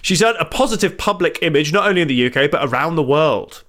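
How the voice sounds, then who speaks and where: A man co-hosts a comedy podcast in casual banter. His voice sits a little high and swings widely in pitch. He keeps a dry, mock-serious tone, reading out facts and then riffing on them. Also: animated, fast, a bit bright.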